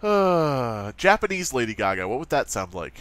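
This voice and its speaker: A man's voice: mid-range voice, very animated, normal speed, a bit bright, dry recording. A man doing playful, sarcastic let's play commentary while playing and talking straight to his viewers. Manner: sarcastic, jokey, talks to viewers. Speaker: gaming commentator.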